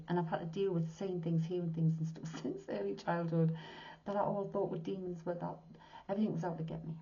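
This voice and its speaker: Captured on a dull lo-fi recording, a woman in her sixties who works as a medium reads tarot in a low, dark voice. Her manner is earnest and heartfelt, and she frequently lowers her voice to a whisper.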